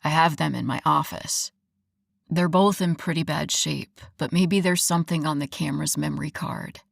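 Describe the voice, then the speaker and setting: A woman voicing a teasing, protective young werewolf man in a low, rough, playful way, in an audiobook. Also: moderate pace, no room sound, clean studio sound, exaggerated voice. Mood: matter-of-fact.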